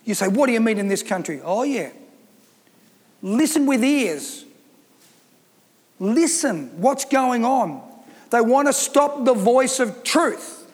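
A woman's voice: on the high side, lively intonation, slow, long pauses, big-room sound. A woman pastor preaching a sermon, reading scripture aloud, explaining it, and putting emphatic rhetorical questions to the congregation.

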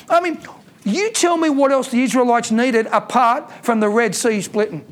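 A man's voice: extremely high pitch, normal speed. A man preaching a sermon, emphatic and repeating key lines for effect.

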